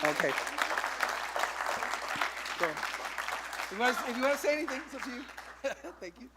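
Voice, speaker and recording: A man presenting awards at an alumni reception, talking informally and leaning on a steady stream of "okay". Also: very high-pitched, moderate pace, a loud crowd, heavy background noise. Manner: informal, peppers speech with "okay". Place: indoor reception event.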